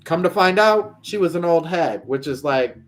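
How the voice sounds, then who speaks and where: Animated man telling a long story. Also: a little high, normal speed, faint music behind. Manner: animated storyteller, acts out quoted characters, laughs often. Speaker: podcast co-host. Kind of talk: casual chat.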